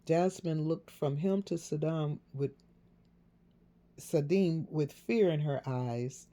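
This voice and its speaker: A woman narrating a novel in a measured storytelling delivery. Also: low-pitched, mellow. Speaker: audiobook narrator.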